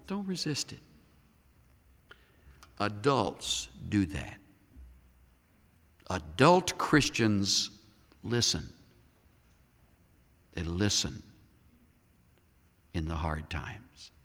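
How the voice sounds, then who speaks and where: A man preaching a sermon as a pastor, dramatic, swinging between loud emphasis and hushed near-whispers. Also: on the low side, sing-song, very slow, long pauses. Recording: long hall reverb.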